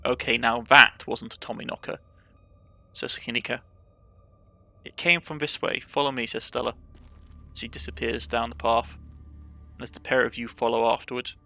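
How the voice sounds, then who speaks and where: A gravelly man with a Cornish accent reads out a story game's narration and lines, with a bright, sharp edge to his voice. He trips over words now and then and backs up to fix them, while soft game music plays underneath. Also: mid-range voice, little pitch movement, moderate pace, pauses often, dry recording. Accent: Cornish English. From Cornwall, England. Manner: reads dialogue and narration aloud, stumbles and corrects himself. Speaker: let's play gamer. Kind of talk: reading game text aloud with light character voices.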